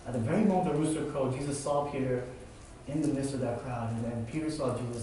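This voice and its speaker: This is a fast-talking young man delivering an informal sermon, leaning heavily on words like "like" and "man." His mid-range voice has a dark quality. Faint noise and the echo of a large hall, heard from afar, surround him.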